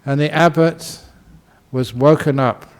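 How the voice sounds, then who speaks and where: A man who is a Buddhist monk giving a relaxed, humorous dharma talk and telling a story, often laughing. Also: fairly high pitch, unhurried, smooth.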